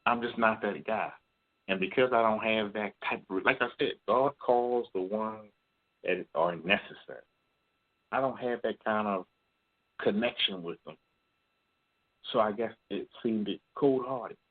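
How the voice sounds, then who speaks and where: A man's voice: fairly low pitch, measured pace. A man calling in to tell a personal confession, blunt and profane, acting out what others said. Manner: blunt, profane storytelling, acts out quoted voices. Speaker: caller. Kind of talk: call-in confession. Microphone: phone. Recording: tinny phone line.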